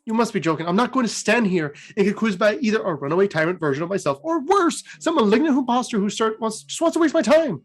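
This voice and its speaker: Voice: lively intonation, fast, few pauses, lightly acted. A storyteller voicing an arrogant young male mage who complains in a raised, exasperated voice. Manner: raised pitch, indignant complaining.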